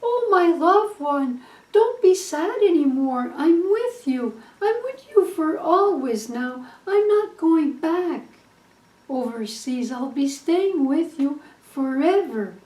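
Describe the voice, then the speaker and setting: A woman voicing a loving husband back from the war, speaking gently and pleadingly, with a high voice in an echoey room. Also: animated, takes it slowly. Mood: tender. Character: loving husband home from war, tender man. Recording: echoey room, distant mic.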